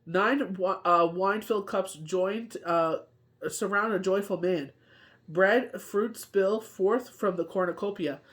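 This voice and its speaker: A woman's voice: medium pitch, slow pace. A woman with a cold, reading tarot cards in a rambling, chatty way and often asking whether the listener follows. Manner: rambling, chatty, constant "you know what I mean". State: has a cold, short on sleep. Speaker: tarot reader. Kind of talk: casual daily tarot reading.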